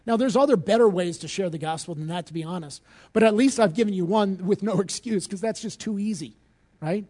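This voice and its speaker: A man preaching a sermon as pastor, earnest and direct, rising to emphatic peaks and dropping low. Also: a little fast, mellow.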